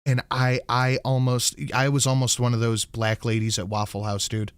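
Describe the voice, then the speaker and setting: Man, podcast host, heated profane rant, average pitch, dry close sound. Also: completely flat delivery, moderate pace, smooth, no echo. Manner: angry, profane storytelling, quotes himself loudly. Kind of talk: casual ranting chat.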